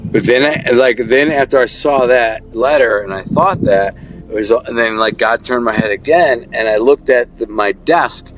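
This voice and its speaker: A man's voice: medium pitch, moderate pace, slight background noise. A middle-aged man telling his life story in a casual, vivid way, acting out quotes with street slang.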